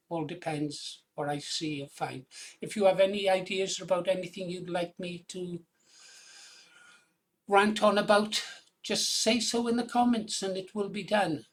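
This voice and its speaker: A man's voice: sits high, steady tone, a little slow. A Welsh-born man hosting his own channel, giving rambling casual commentary between clips and chuckling often. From Wales. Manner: chatty, rambling, chuckles often, urges viewers loudly. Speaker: channel host.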